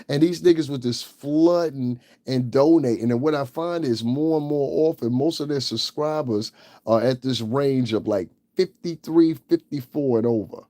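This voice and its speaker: A man's voice: mid-range voice, moderate pace, warm tone, dry recording, studio quality. A man hosting his own channel, giving blunt, profane and scornful commentary. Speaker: channel host. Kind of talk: ranting livestream commentary.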